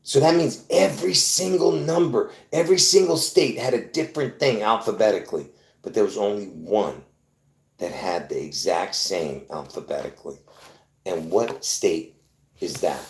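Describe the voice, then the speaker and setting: Speaking at a moderate pace, this man has a gravelly, lowish voice that echoes around the room. As a video host, he explains things in a rambling way, circling back, restarting, and pressing his point with plenty of fillers.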